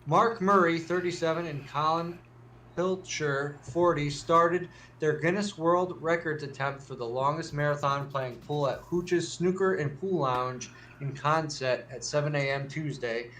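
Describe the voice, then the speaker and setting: A man's voice: a little high, measured pace, fairly bright tone, slight background noise. A man reading out quirky news stories on a casual show, stumbling and joking along the way. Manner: reads articles, stumbles and restarts, jokey asides. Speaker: news segment reader. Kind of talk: casual news read on a podcast.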